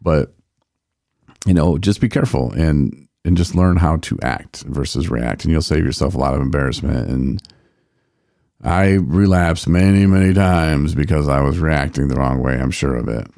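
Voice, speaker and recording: A man's voice: rumbling low, normal speed, vocal fry, a little mellow, no room sound, clean studio sound. A man co-hosting a recovery podcast, talking casually and reflectively, often repeating words as he thinks. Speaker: podcast co-host.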